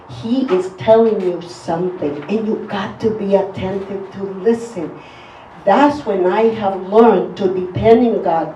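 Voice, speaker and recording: Woman, earnest testimony, slow and low-pitched, mellow voice, echoey distant dull recording. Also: slight background noise. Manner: earnest, emphatic storytelling. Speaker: testimony speaker. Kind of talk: personal faith testimony.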